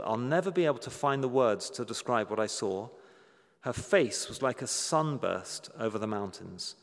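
An earnest man preaches, telling a story with a voice of ordinary pitch. He slows down and drops to a hush at the tender moments. A long reverb trails each phrase, as in a hall. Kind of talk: sermon storytelling.

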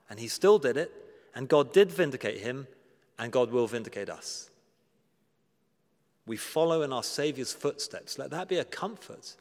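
Earnest preacher man in a reverberant hall. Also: medium pitch. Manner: earnest, emphatic, slows down to stress key words; asks rhetorical questions with a touch of dry humor. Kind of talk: sermon. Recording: long reverb of a large hall.

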